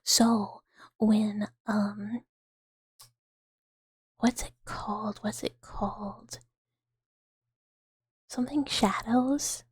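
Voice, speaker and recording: A young adult woman streamer in a whispered ASMR chat, rambling playfully in soft unvoiced whispers and giggling. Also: medium pitch, fairly even intonation, drawn-out words, long pauses, husky, dry recording.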